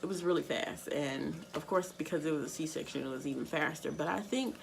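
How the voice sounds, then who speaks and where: A young woman with a low voice recounts a personal story straight to camera, loose and candid, peppering her sentences with "like." A faint hum of room noise sits behind her. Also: fairly quick, gravelly, rough recording. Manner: candid, many fillers like "like". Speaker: vlogger.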